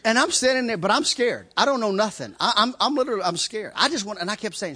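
Guy telling his testimony story, keeps repeating himself, chuckles a lot, voice sits high and jumps around. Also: expressive, fast, few pauses, pushed and bright, husky. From Kentucky. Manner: repeats phrases for emphasis, chuckles through the telling. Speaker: guest sharing his testimony. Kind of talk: animated personal testimony storytelling.

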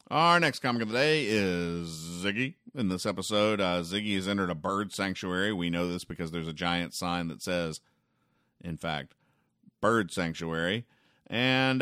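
A man hosting a podcast where he reads comic strips aloud and comments on them, with deadpan, wry asides and frequent ums. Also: low voice, normal speed, no room sound, studio quality. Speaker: podcast host.

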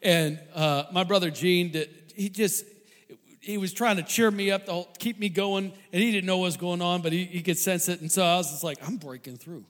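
A man telling a funny personal story to an audience, animated and laughing often mid-sentence. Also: high-pitched, brisk, long reverb tail.

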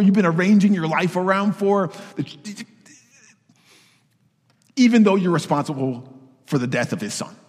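A man preaching a sermon, telling a story with lively, casual asides. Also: high-pitched, husky, big-room sound.

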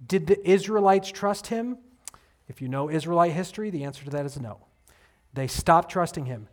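Animated preaching man, higher voice. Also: a little fast. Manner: animated storytelling, acting out quoted voices. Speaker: pastor. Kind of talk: sermon.

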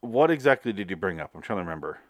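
A man's voice: deep voice, big pitch swings, very fast. A man co-hosting a podcast in casual chat, rambling, swearing casually and laughing often. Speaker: podcast co-host.

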